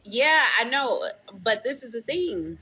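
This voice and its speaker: A woman's voice: a little high, lively intonation, measured pace, pushed and bright, breathy edge. A woman in her thirties telling a personal story to a live chat, candid and profane, stopping often to ask her viewers what they think. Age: 30s. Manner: candid, profane, venting, asks chat for opinions. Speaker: livestream host.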